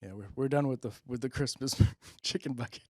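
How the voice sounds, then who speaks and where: A man's voice: mid-range voice, brisk, darkish tone, no echo, studio quality. A middle-aged man hosting a stand-up comedy monologue, rambling with self-deprecating, muttered asides. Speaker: comedian host.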